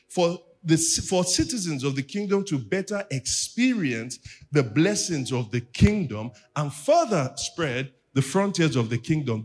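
A pastor delivering a teaching sermon in church, calling on the congregation to repeat after him. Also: male voice, on the high side, breathy edge.

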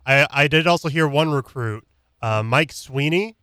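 A man's voice: fairly high pitch, moderate pace, pushed and bright, no room sound, clean studio sound. Laid-back male radio co-host. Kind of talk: casual sports talk radio. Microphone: studio microphone.

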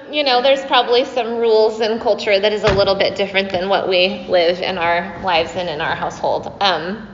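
A woman's voice: medium pitch, slight background noise. A middle-aged woman, a yoga teacher, giving a chatty dharma talk to her class, laughing often and using many fillers. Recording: dull echoey hall recording.

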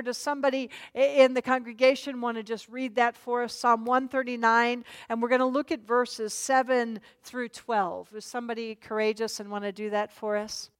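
A woman's voice: fairly high pitch, smooth. A woman leading a church Bible teaching, talking in a conversational way and inviting the congregation to read aloud. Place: church meeting.

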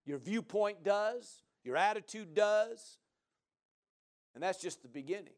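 A middle-aged male pastor preaching a sermon, moving from quiet talk into shouted praise. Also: high-pitched, animated, measured pace.

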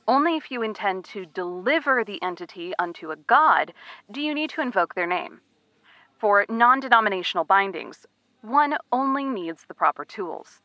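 A woman as a measured occult scholar. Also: medium pitch, bright, forceful tone, no echo. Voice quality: measured, authoritative lecturing. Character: calm female occult scholar. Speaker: scholar in a video lecture. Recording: dull lo-fi video playback, dry.

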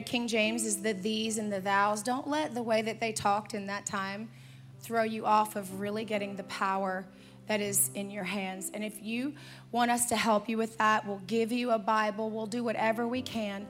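A woman pastor preaching in a church and leading the congregation in prayer, earnest and drawn out on key words. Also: medium pitch. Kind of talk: sermon with altar call and prayer. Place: church auditorium, also streamed online.

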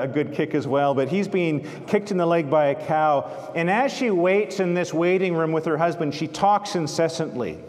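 Male pastor, sermon, earnest storytelling, slightly high voice, long church reverb. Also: darkish tone. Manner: earnest storytelling, literary quotations. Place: church sanctuary.

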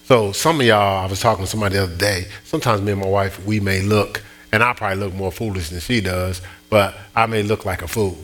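A man delivers a sermon in a bright, forceful voice, telling a personal story. He stumbles over restarts and pushes up into emphatic bursts. A low mains hum sits under the recording. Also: steady tone, quick pace, hardly any pauses. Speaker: pastor.

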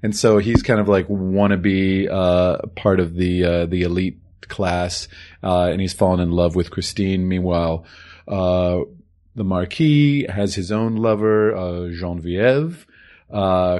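A man co-hosting a podcast, calmly summarizing and explaining an old film in casual talk. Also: deep voice, takes it slowly. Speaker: podcast co-host.

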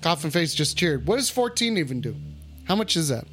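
A man hosting a call-in livestream, swearing a lot and shouting the same catchphrase over and over. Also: a little high, big pitch swings, brisk, soft background music. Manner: rowdy, swearing, repeats his shouted catchphrase. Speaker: call-in stream host. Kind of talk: profane casual livestream banter.

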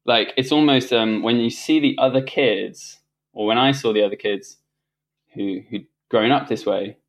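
A man, a podcast guest, telling a personal story in casual conversation, animated and reflective, often restarting his sentences and laughing. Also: mid-range voice, normal speed.

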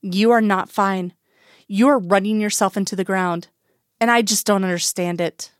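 Worried older mom, soft but pushy, pleading, dry close read, by a woman. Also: medium pitch, steady tone, normal speed, clean tone, no room sound, natural voice. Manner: soft yet insistent, pleading. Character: worried, protective older mother.

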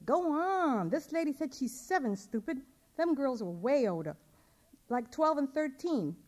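A woman's voice: high voice, big pitch swings, a little slow, a little mellow, pitched above the performer's own voice. A woman voicing a brash teenage boy who teases his friend in streetwise slang with Spanish curses. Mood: scornful.

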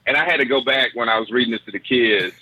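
A man's voice: medium pitch, fast, sharp tone, husky, dry recording. Brief: a podcast host, male, slangy and profane, with a narrow phone-like sound and a dry, close feel. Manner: profane, slangy, loose retelling. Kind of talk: casual storytelling chat.

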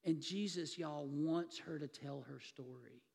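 A man's voice: fairly high pitch, unhurried, vocal fry, a little mellow, breathy edge. A man preaching a sermon, telling a scripture story vividly to his congregation. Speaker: pastor. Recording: long hall reverb.

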